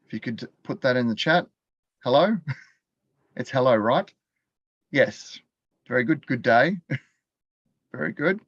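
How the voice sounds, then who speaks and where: Taking it slowly with long pauses, this Australian man teaches a live online class from his computer in an expressive mid-range voice. A continuing education teacher, he chats, laughs a lot and quizzes people in the chat; the audio has no echo and its highs are cut off.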